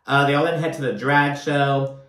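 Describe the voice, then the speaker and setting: A man giving a casual, profanity-laced reality TV recap, animated and full of filler like "you know what I mean.". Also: fairly high pitch, moderate pace. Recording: roomy echo.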